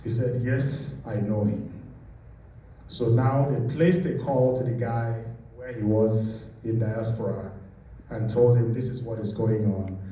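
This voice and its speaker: A man from Nigeria speaking with a Nigerian accent, somewhere in his late fifties, recounting his own story. His voice is very dark and mellow, and he takes his time, letting each phrase land slowly. He sounds set back from the mic in a very roomy space with a faint hiss. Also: medium pitch, fairly even intonation. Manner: measured, deliberate storytelling. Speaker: speaker giving a personal testimony. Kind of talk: storytelling testimony. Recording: echoey room, distant mic.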